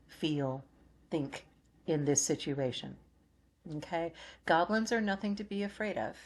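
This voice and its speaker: A middle-aged woman talks through an oracle card reading, her voice sitting low for a woman. She takes her time, slow and soothing, circling back over her own phrases as she reflects. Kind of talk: spiritual card reading talk.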